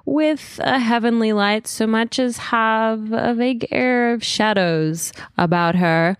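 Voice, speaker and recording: A woman player describes her character for a tabletop game, slow and hesitant, often breaking into giggles. Her voice sits in a middle pitch, and the sound is dry and close. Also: smooth, dry recording.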